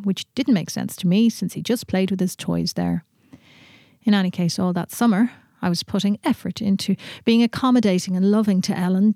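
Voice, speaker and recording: A woman reading a literary short story aloud in a steady, measured way in a studio. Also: mid-range voice, no echo.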